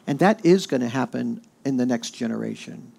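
Gravelly-voiced pastor preaching conversationally. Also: male voice, medium pitch, a little fast. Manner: conversational, with fillers and animated quoting. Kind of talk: sermon.

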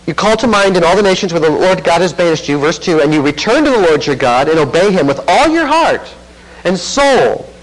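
A man's voice: big pitch swings, fairly quick, low-quality recording. A man preaching an expository sermon, reading scripture aloud and commenting with earnest, swelling emphasis. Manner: earnest, rising to fervent emphasis then dropping low.

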